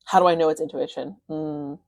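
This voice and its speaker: A young woman coaches through a phone live stream in a low-sitting voice, with no echo. She rambles casually, uses lots of fillers, and has quick bursts of excitement.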